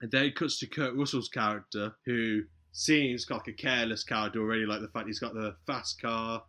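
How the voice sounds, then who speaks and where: A podcast host with a somewhat low voice talks a little fast as he casually relays a movie's plot. He's animated throughout, performing the characters' lines.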